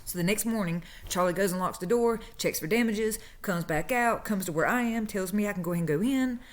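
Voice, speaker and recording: A woman's voice: medium pitch, fairly quick. A woman, casually telling a story about her old job and acting out the people she quotes. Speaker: vlogger telling a work story.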